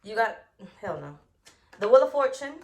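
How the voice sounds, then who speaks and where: A woman's voice: a little high, big pitch swings, moderate pace, a little mellow. A woman giving a tarot reading, blunt and profane, who drives her points home by repeating them. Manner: acts out quoted voices. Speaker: tarot reader.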